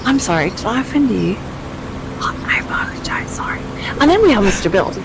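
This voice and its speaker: Gushing, excitable woman on voice chat. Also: a little high, fast talker, creaky, heavy background noise. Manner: gushing, theatrical, loud. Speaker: flight-sim multiplayer player.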